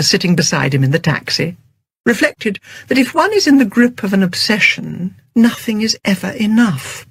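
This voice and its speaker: An audiobook narrator tells the story in a steady, even manner. The voice is husky and gravelly with plenty of creak. The studio microphone sits close in a dry, dead booth. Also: mid-range voice, dry recording.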